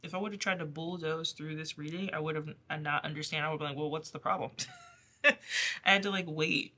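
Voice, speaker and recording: A woman giving a casual tarot reading who talks in a rambling, chatty way, laughing often and filling pauses with "like". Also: low voice, steady tone, sharp tone. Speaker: tarot reader. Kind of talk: casual pick-a-card reading.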